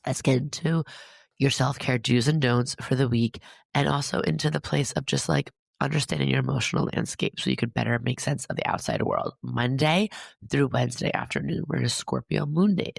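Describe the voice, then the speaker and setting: A man's voice: medium pitch, dry recording, studio quality. A man hosting an astrology podcast, talking through a weekly forecast in a chatty, upbeat, encouraging way full of fillers. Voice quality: gravelly vocal fry. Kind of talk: casual spoken forecast monologue.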